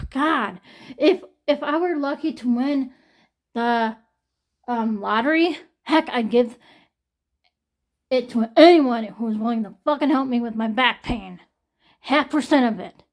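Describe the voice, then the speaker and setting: A woman's voice: a little high, slow, pauses often. A young woman in an emotional personal vlog, venting and swearing, shaky and near tears from pain. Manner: distressed, venting, swearing often. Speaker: vlogger.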